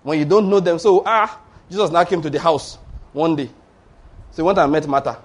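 A man's voice: a little high, a little fast. A man preaching a sermon, exhorting his congregation emphatically and mixing in playful story asides. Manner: emphatic, exhorting with tag words like "oh".

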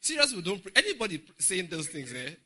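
A middle-aged man with a Nigerian English accent preaching a humorous, animated Bible study sermon in church. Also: high-pitched, fast talker, breathy edge. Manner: humorous, laughing, animated storytelling. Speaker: pastor.

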